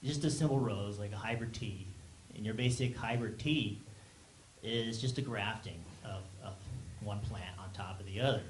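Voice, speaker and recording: A man doing a stand-up set on a small theater stage, talking haltingly with many ums and restarts. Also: lowish voice. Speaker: stand-up comedian. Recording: echoey room, loud background noise. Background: audience laughter.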